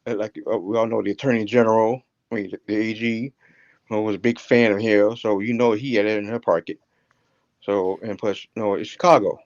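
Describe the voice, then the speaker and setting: An older man in his sixties calls in to give his view. He talks bluntly and emphatically in a low voice, stumbling and restarting as he goes. His voice comes through a muffled, dry line. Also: steady tone, brisk, no room sound. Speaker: caller, retired police officer. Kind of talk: call-in show commentary.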